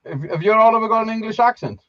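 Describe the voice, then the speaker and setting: A man's voice: high-pitched, expressive, racing, fairly bright tone, no room sound. A Welsh man hosting a live stream, bantering bluntly with friends, teasing and swearing. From Wales. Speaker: host. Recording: dull lo-fi sound.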